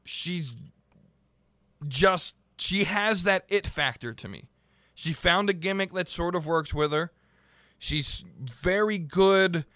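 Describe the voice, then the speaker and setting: In a clean, echo-free recording, a young man with a fairly high, slightly bright voice hosts a podcast reviewing wrestling. His commentary is a heated, profane rant that rambles and keeps restarting.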